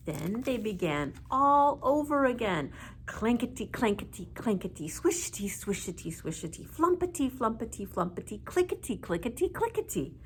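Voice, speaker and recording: A librarian reads a children's story aloud, her fairly high voice rising and falling with great animation. She plays up the rhythmic sound words, with a faint hum of background noise. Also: moderate pace. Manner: expressive, playful sound words.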